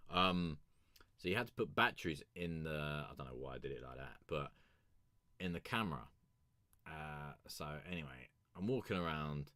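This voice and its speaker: A man's voice: rumbling low, expressive, normal speed, pushed and bright, no echo. A young man hosting a music review stream, telling a rambling, sweary story in a casual chat.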